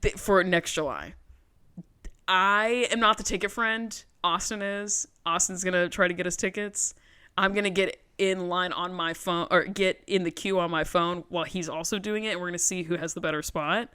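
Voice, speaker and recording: Animated young woman with a bright voice. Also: lowish voice, moderate pace, clean tone. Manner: animated, self-mocking, swears casually. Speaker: podcast co-host. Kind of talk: casual chat.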